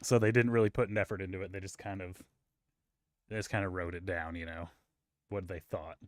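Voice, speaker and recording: A man's voice: deep voice, steady tone, a little fast, no echo, clean studio sound. A man co-hosting a podcast, chatting casually and telling rambling, profane stories full of fillers. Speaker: podcast co-host. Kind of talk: casual chat.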